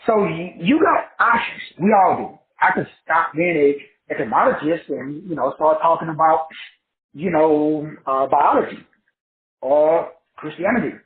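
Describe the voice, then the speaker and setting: An online teacher and host gives a motivational lecture over an echoey, phone-like line, sounding preachy, repetitive, and colloquial. His voice is fairly high and expressive, delivered at a measured pace.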